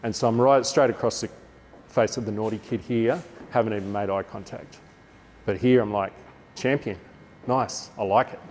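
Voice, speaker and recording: An Australian man giving a lively workshop talk to teachers, acting out classroom lines with a bigger, brighter voice. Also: on the low side, normal speed, in a large hall, slight background noise. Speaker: teacher trainer.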